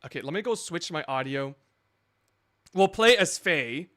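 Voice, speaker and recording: Scambaiting streamer, man, rambling live commentary, raised pitch, bright tone. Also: lively intonation, a little slow. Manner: rambling, thinking aloud.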